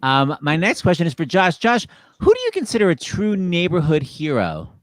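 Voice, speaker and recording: A man hosting a talk show over a video call, gushing and quick with his questions. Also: fairly high pitch, huge pitch swings, dry recording. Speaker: host.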